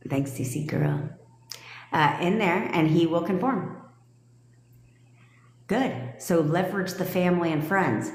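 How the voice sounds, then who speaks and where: Woman, lower-pitched, blunt and profane live-stream coach, laughs easily, echoey room. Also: unhurried, long pauses, darkish tone. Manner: reads and answers viewer comments. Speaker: manifestation coach. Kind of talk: casual livestream chat.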